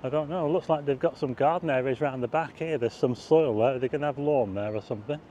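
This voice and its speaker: A man's voice: mid-range voice, quick pace, warm tone, dull audio, a little hiss or hum. A man giving a chatty, rambling walking-tour commentary outdoors at night, pointing things out to his viewers. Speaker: vlogger. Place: outdoors, car park roof and town streets at night.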